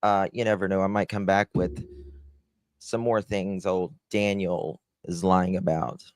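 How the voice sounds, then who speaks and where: A man's voice: low-pitched, little pitch movement, unhurried, clean tone, no room sound. A man hosting a live true-crime stream, talking bluntly and sarcastically, swearing and chatting with viewers by name. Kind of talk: casual live-stream commentary.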